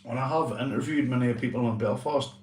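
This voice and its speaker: A man from Northern Ireland hosts a casual livestream chat, speaking earnestly and repetitively, swearing and calling his viewers "mate." His mid-range voice moves briskly, and the recording is reverberant, with a distant mic and background noise.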